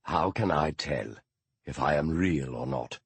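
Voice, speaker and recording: A man doing Sherlock Holmes, deep and husky. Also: unhurried, no echo, full character voice. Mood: urgent. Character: Sherlock Holmes, English detective, earnest and shaken.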